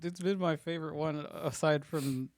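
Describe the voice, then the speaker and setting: A man's voice: a little high, steady tone, normal speed, dry recording. Laid-back podcast guy, short replies. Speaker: podcast co-host. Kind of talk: casual chat.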